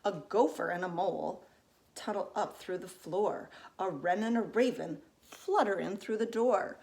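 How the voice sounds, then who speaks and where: A woman teacher reading a picture book aloud to young children, expressive and asking them questions along the way. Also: on the low side, measured pace, creaky. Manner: lively, expressive, asks listeners questions.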